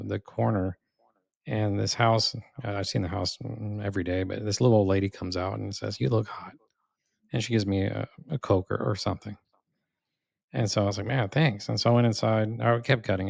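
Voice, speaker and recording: A low, gravelly man talks quickly through a casual story, spinning loose anecdotes with plenty of fillers. The sound is close and dry, with no room around it. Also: no room sound. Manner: relaxed, rambling anecdotes with drawn-out fillers. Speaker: podcast co-host.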